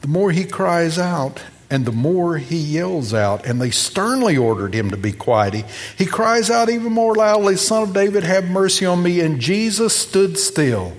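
A man delivers a sermon as lively storytelling. He slips into the voices of the people he describes. His voice sits high, and it rings out with a long reverb through a large church hall. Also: unhurried. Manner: animated storytelling, acting out the people in the passage. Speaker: pastor.

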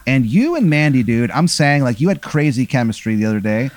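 A man's voice: medium pitch, expressive, brisk. A man casually telling an improvised story, rambling with fillers and restarts and jumping into voices for the characters. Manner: rambling, many fillers and restarts, acts out quoted lines. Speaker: host telling a made-up scenario.

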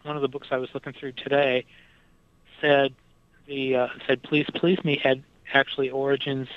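A man's voice: medium pitch, little pitch movement, normal speed, smooth, dry recording, dull audio. A man talking casually about music, with lots of fillers and restarts as he thinks aloud. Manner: hesitant, many fillers and restarts.

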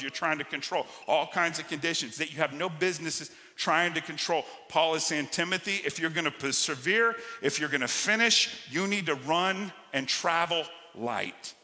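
A man's voice: on the high side, bright, forceful tone. A male pastor preaching a sermon, telling personal stories in a conversational, emphatic way. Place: church sanctuary. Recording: church hall with long reverb.

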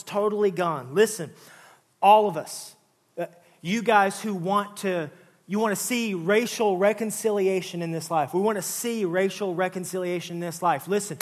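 A male pastor with a high voice preaches conversationally and jokingly, often saying "listen" and "all right."

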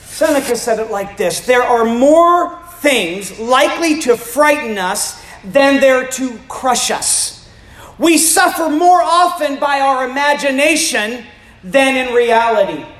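A man in his fifties preaching a sermon as a pastor, animated, with joking asides and rising to emphatic shouts. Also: extremely high pitch, slow pace. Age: 50s. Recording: roomy echo.

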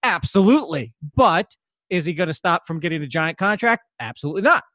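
A man hosting casual sports talk, quick and argumentative with a joking edge. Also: fairly high pitch, animated, sharp tone, no echo, studio quality. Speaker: podcast host.

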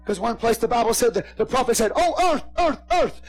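A man preaching a sermon as a pastor, repeating phrases and swinging from hushed whispers to shouted crescendos. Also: very high-pitched, expressive, a little fast.

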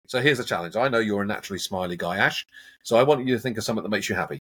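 A man, a hypnotherapist, talking in a casual interview and acting out everyday examples in an animated, coaching way. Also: lowish voice, racing, slightly rough. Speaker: hypnotherapist guest.

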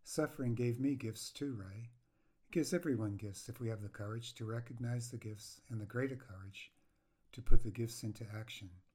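A man voicing a blunt but caring woman friend, speaking sternly yet gently as he reads his memoir aloud. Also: medium pitch, lightly acted. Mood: earnest.

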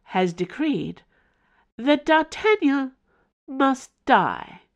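A woman's voice: high-pitched, very animated, very slow, dull audio, pitched above the performer's own voice, exaggerated voice. A woman voicing a sentient house that speaks in a creepy, formal, plaintive tone.

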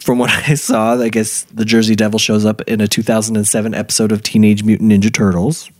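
A man with a lowish voice hosts a casual podcast chat, laying out his points step by step. He laughs easily at his co-hosts' jokes. The sound is dry and close. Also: little pitch movement, quick pace, dry recording. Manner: explains step by step, laughs often at the banter. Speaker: podcast host presenting the topic.

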